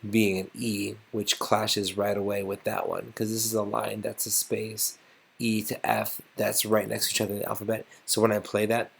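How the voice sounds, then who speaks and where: A man's voice: fairly low pitch, gravelly. A man teaching a casual music lesson, thinking aloud and getting enthusiastic as he composes.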